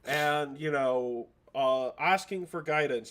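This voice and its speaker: A man's voice: on the high side, lively intonation, moderate pace, fairly bright tone. A man running a tabletop role-playing game, narrating in a rambling, joking way with many fillers. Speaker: game master.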